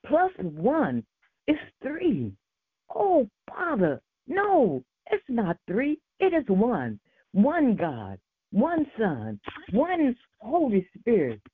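A woman's voice: on the high side, breathy edge, no room sound. A woman leading a fervent, emotional spoken prayer on a church prayer call, stammering and repeating her thanks. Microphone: phone. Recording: tinny phone line.

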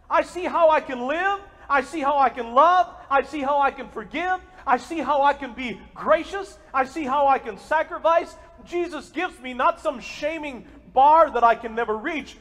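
A man preaching a sermon as pastor to a live congregation, energetic and joking, and speaking straight to the people in front of him. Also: very high voice, long reverb tail. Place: church sanctuary with a live congregation.

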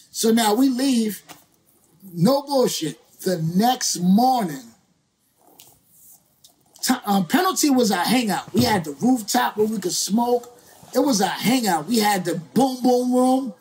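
Animated, slangy male rapper telling stories. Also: extremely high pitch, unhurried, husky. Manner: slangy, profane, acts out quoted voices. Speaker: interview guest, rapper. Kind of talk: animated storytelling.

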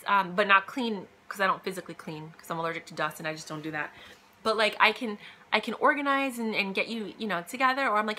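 A woman's voice: medium pitch, fast, bright, forceful tone, a little hiss or hum. A woman talking casually and emphatically, giving career advice with lots of fillers and quoted asides. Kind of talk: casual motivational monologue.

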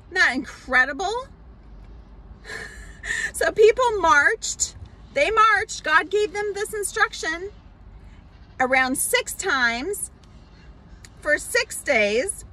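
A woman pastor telling a Bible story in a children's sermon, explaining slowly with many fillers and restarts. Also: very high voice, lively intonation, pushed and bright, poor audio.

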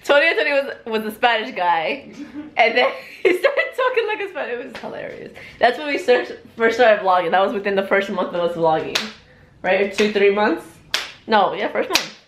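A woman chatting in a family vlog, excitable and laughing a lot, switching between English and Spanish. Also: a little high, normal speed, echoey room, background noise. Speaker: family vlogger. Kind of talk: casual family chat.

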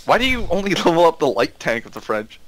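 A man joining casual gameplay commentary with a friend, joking and teasing with a drawn-out delivery. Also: on the high side, very animated, a bit bright, slight background noise, low-quality recording. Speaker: gaming co-host.

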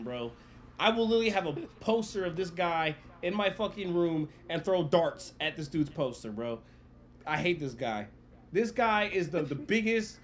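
High-pitched guy streaming gta rp, cussing and rambling casual to his crew. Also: fairly bright tone, a little hiss or hum. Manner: swears freely, laughs while explaining. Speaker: roleplay game streamer. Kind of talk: casual livestream chat.

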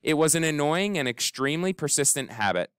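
A man reading a children's story aloud in an expressive, animated way, giving the characters voices. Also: fairly high pitch, a little fast, clear, resonant tone, dry recording, studio quality. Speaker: audiobook narrator.

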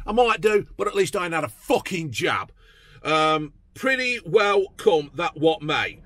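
This man rants about politics in a slightly high, bright, forceful voice with big pitch swings, speaking a little slowly. As a political vlogger giving profane, sweary commentary, he mocks and fumes throughout, with no echo in the sound.

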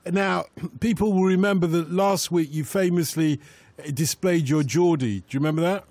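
Man, radio phone-in host, playful and teasing, slightly high voice, dry studio. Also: moderate pace, a little mellow, no echo. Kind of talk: bantering radio talk.

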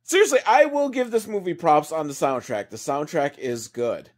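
A man with a fairly high voice rambles through a sarcastic movie recap, swearing freely and mocking what he watches. His delivery is loose and conversational, drifting from one gripe to the next. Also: lively intonation, normal speed. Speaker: comedic movie reviewer.

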